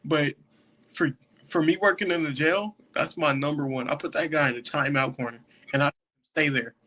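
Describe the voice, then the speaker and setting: A man's voice: a little high, normal speed, sharp tone. A young man, a jail deputy and podcast guest, telling a story casually and laughing often as he goes. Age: young adult.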